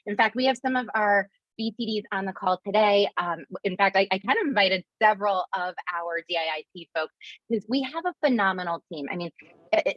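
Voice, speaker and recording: A woman hosting a webinar on a video call, giving a heartfelt farewell speech with halting fillers. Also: medium pitch, no echo, poor audio. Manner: warm and emotional, halting with fillers. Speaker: webinar host.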